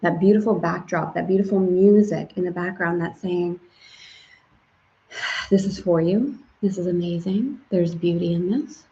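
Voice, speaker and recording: A middle-aged woman hosting a casual spiritual live stream, chatty and lively, sprinkling in French greetings. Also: lowish voice, normal speed. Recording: slightly dull stream audio.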